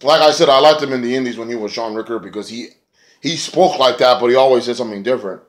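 A man at an ordinary mid pitch rambles through a casual wrestling review, swearing freely and padding his talk with filler words. He sounds sick and snotty as he goes. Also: quick pace. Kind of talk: casual spoken review vlog.

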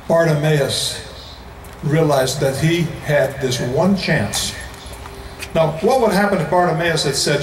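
An American man delivers an emphatic evangelistic sermon and slows down on the phrases he wants to stress. His voice sits fairly high for a man. The sound is echoey, as if picked up from a distance in a big hall. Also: noisy background. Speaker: evangelist preacher. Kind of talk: evangelistic sermon to a large crowd. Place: large indoor event venue.

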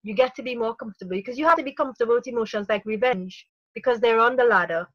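A woman speaking as a parenting coach in a podcast interview, energetic, often acting out inner dialogue in quotes. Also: fairly high pitch, racing, no echo, highs cut off.

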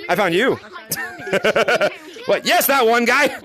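High-pitched, hyper energetic man gaming. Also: crowd noise. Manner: energetic, shouty, giggly, repeats words rapidly. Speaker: YouTube content creator. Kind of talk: excited live gameplay chat with fans. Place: virtual reality game lobby, at home. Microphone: VR headset mic.

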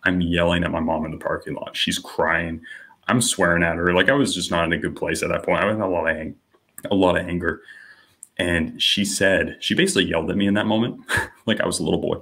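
A young man with a low, deep voice that still has a bright, forceful edge tells his story in a relaxed podcast chat. He leans on "you know" and "like" and slips into the voices of the people he quotes as he goes. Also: quick pace. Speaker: podcast guest. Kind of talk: personal testimony in casual conversation.

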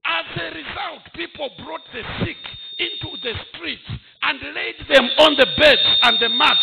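A pastor preaches in a high, gravelly voice that swings widely up and down. He talks slowly and breaks into shouted bursts and chuckles. The recording has clear noise behind him. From Zambia. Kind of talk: sermon.

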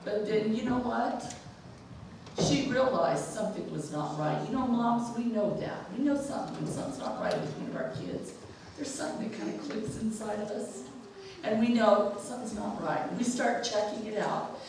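A woman pastor preaching a sermon with humorous, animated storytelling, heard echoing from a distance in a church sanctuary. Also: fairly high pitch, moderate pace, a little hiss or hum.

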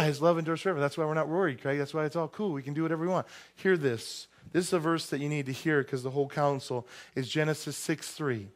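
A male pastor preaching in a relaxed, talk-to-you way, dropping jokes and asides as he goes. His voice sits a little higher than most men's. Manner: conversational, joking asides. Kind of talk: sermon. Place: church sanctuary.

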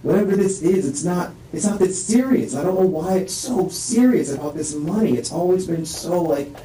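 A distressed man in a police interview room rambles through a halting statement, full of restarts, his voice rising and strained. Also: sits high, animated, warm tone. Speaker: suspect being questioned. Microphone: distant room microphone. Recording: echoey room, distant mic, faint hiss.

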